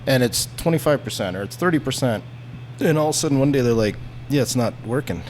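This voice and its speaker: A man telling a story in a casual podcast chat, animated and profane, acting out the people in it. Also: medium pitch, fast, slight background noise. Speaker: podcast guest.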